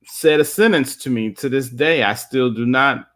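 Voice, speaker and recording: A man's voice: medium pitch, normal speed, a bit bright. A man in a casual church panel discussion, telling a story in a conversational way. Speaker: guest speaker.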